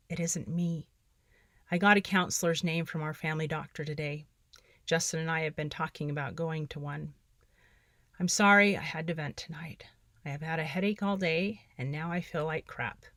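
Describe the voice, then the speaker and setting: A middle-aged woman hosting her own podcast, reading journal entries aloud in an earnest, soft-spoken way with the odd wry laugh, then sharing tips. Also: low voice, no echo, clean studio sound. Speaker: podcast host.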